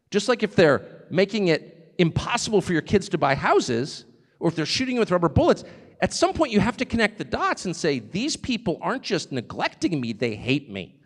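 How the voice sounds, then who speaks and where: Man, high lively voice, sarcastic live speech in a big reverberant hall. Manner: conversational, sarcastic asides, laughs often. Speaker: speaker at a live event.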